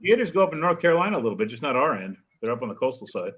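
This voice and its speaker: A man from the Northern United States chatting casually, quickly explaining things with examples. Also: medium pitch, big pitch swings, fairly bright tone, slightly rough, lo-fi sound. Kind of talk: casual chat.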